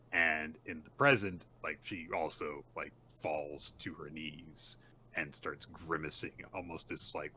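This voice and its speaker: Deep, bright-voiced man recapping casually. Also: slight background noise. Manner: retells scenes with frequent fillers and acted-out character lines. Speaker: podcast co-host. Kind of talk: casual chat recapping a manga chapter.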